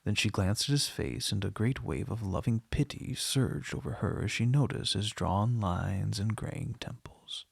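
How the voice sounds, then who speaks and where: Man reading a bedtime story, gravelly, husky, dry and close, measured. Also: lowish voice, no room sound. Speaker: reader.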